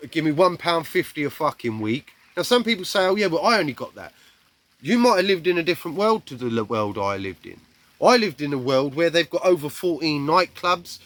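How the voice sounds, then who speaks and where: A man telling a raw personal story bluntly, swearing heavily and acting out shouts and quoted lines. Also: on the high side.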